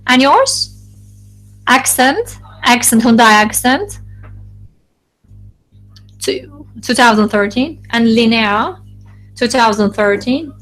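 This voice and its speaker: A woman interpreting a focus group live, in a halting delivery full of restarts and self-corrections. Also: a little high, animated, a bit bright, faint music behind, rough recording.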